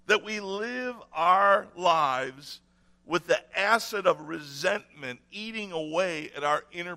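Earnest high-voiced male preacher. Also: bright, forceful tone. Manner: earnest, repeats key phrases for emphasis. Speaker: pastor. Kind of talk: sermon.

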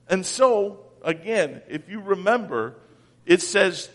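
A man preaching a sermon as pastor, swinging from loud calls down to near-whispers. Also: sits high, expressive, slow pace, big-room sound.

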